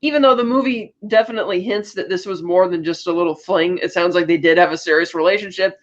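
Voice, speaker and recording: A woman's voice: fairly low pitch, quick pace, lo-fi sound. Chatty woman recapping a movie. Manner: chatty retelling with quoted lines and laughs. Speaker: podcast co-host. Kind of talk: casual podcast movie recap.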